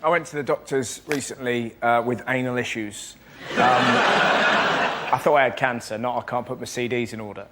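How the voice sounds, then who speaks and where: A man performing a rapid, animated stand-up routine on a comedy panel show, acting out characters as he goes. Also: medium pitch, heavy background noise. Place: TV studio with a live audience.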